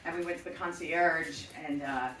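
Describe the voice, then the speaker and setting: A woman's voice: sits low, fairly even intonation, normal speed, fairly bright tone, echoey room, distant mic, slight background noise, rough recording. A middle-aged woman hosting a show, telling a personal story in a chatty, profane, self-mocking way. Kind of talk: casual storytelling.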